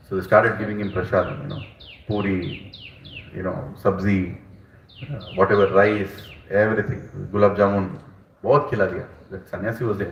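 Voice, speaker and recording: A man, teaching scripture with emphatic, animated storytelling. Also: fairly low pitch, brisk, dull audio, slight background noise. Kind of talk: lecture with storytelling. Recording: roomy, distant mic.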